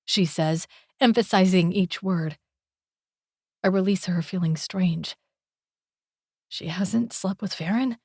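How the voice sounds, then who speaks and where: Brief: female audiobook narrator, first-person romance, slow and intimate, dry close studio mic. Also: lowish voice, a little mellow, no room sound. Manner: slow, deliberate, intimate reading.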